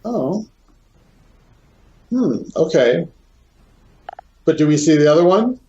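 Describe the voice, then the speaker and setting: A man's voice: a little high, big pitch swings, slow pace, a little mellow, echoey room, lo-fi sound. A man playing in a tabletop role-playing game, talking casually and chattily. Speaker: player.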